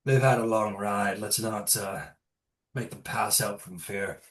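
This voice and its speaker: A man voicing a gruff hobgoblin shaman who speaks slowly, deeply and formally in a tabletop game. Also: steady tone, a bit bright, recorded from a distance. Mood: solemn. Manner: slow, deep, formal.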